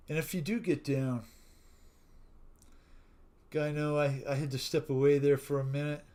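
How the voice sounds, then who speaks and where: A man's voice: mid-range voice, clear, resonant tone. A man hosting a casual live stream, reading out viewers' jokes, laughing often and signing off to his chat. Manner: slow, warm sign-off talk with frequent laughing at chat jokes. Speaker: livestream host.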